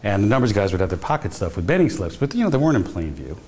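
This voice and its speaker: Low-voiced man giving a conversational lecture. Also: very animated, rapid-fire, darkish tone, husky. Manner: conversational storytelling with frequent restarts. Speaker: guest lecturer, criminology professor. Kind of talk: university lecture. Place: lecture hall.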